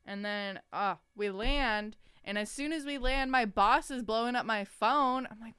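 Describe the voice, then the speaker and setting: A woman's voice: a little high, measured pace, a bit bright, clean tone, no echo. A woman co-hosting a podcast in laid-back casual chat, recounting a trip and a work annoyance. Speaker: podcast co-host.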